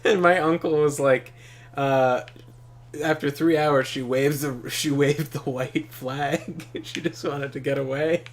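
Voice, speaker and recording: A man's voice: fairly high pitch, fairly even intonation, slow. A man chatting casually while playing a game, rambling with frequent restarts and laughter. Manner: rambling, lots of fillers and restarts, laughs often. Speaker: let's play host. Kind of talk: casual chat over gameplay.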